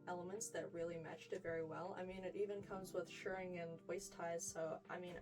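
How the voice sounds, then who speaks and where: A woman's voice: fairly low pitch, normal speed, distant mic, music in the background, low-quality recording. A young woman with a New Zealand accent giving a chatty, gushing wardrobe tour, full of "like" and "freaking". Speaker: fashion vlogger.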